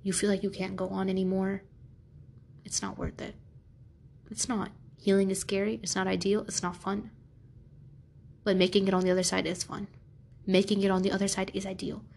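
A young adult woman giving Islamic life advice in a casual motivational talk to camera, earnest and candid, slangy, with sudden animated bursts. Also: mid-range voice, normal speed, creaky, long pauses.

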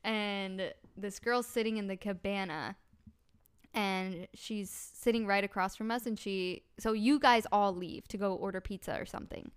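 Brief: woman, 20s, podcast co-host, casual storyteller, clean resonant tone, mid pitch. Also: a little slow, clean tone. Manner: animated storyteller, heavy "like" filler. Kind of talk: casual chat.

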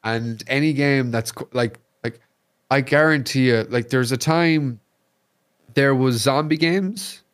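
Irish man, podcast guest, casual chat, animated storytelling, swears, medium pitch. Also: measured pace, clear, resonant tone. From Ireland. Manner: animated storyteller, swears freely, acts out quotes.

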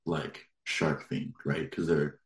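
A man with an extremely low, deep voice, chatting casually and rambling through a story with lots of filler words. He sounds like he's in a roomy, echoey space. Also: flat delivery, takes it slowly. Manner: rambling, lots of likes, laughs while telling. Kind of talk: casual chat.

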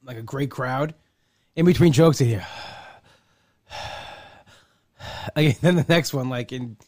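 A man's voice: medium pitch, slow pace, darkish tone, no echo, clean studio sound. A man hosting a casual conversation, telling rambling, self-deprecating stories.

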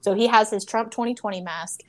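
A woman's voice: mid-range voice, fairly quick, slight background noise. A woman in casual conversation who talks in a chatty way and often fills her speech with "like" and "you know".

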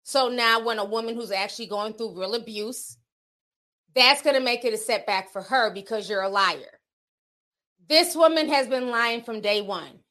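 Opinionated woman vlogger with a higher voice and a blunt, slangy manner. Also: normal speed, fairly bright tone. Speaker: commentary channel host. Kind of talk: opinionated video commentary.

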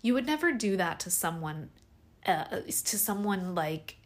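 A woman's voice: mid-range voice, big pitch swings, a little slow. A young adult woman hosting a podcast, talking casually and animatedly with lots of fillers and restarts. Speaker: podcast host.

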